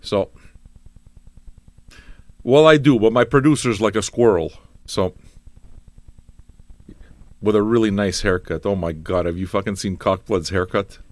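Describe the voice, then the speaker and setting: A man's voice: on the low side, measured pace, pauses often, no echo. A man hosting a live music stream show, rambling and swearing in playful exasperation. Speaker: radio show host. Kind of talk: casual livestream chat.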